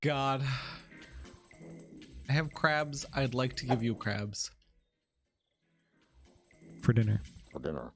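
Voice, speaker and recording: Over game music, a woman with a rumbling low voice chats playfully and goofily with her viewers during a casual gaming livestream. She speaks slowly, with long pauses.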